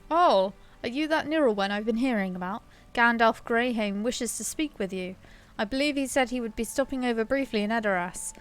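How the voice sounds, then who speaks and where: A woman reading aloud the lines of a helpful townsperson in a fantasy game, in a brisk, friendly way. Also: a little high, smooth, faint music behind, close to an everyday voice.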